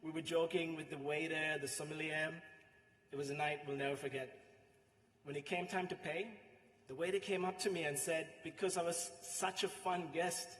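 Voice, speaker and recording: A man with a Sri Lankan accent delivering a eulogy, heartfelt and pausing, his voice trailing softly at the ends of phrases. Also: a little high, steady tone, a little hiss or hum. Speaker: eulogist, friend and coworker. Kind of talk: eulogy speech with anecdotes. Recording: echoey hall with long reverb.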